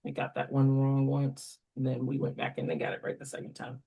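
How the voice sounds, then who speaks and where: A reading tutor runs a phonics drill with slow, deliberate call-and-response, prompting each word, spelling it out letter by letter and giving examples. In short asides to other tutors she explains the method in a lower, quicker voice. Her delivery is completely flat, husky and dark, with vocal fry.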